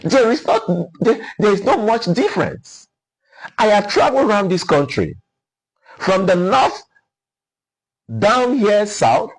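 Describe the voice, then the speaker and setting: High lively husky Nigerian man. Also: measured pace, long pauses, low-quality recording. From Nigeria (Ukwuani, Delta). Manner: lecturing, sounds out example words. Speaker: guest. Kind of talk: explaining conversation.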